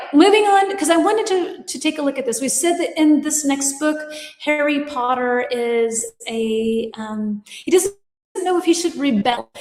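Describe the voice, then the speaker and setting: Her voice is high-pitched with a darkish tone, echoing as though she were in a large hall. This English teacher and livestream host, who lives in Germany, runs a live lesson from her home studio, reading out viewer comments cheerfully and chuckling at her mistakes.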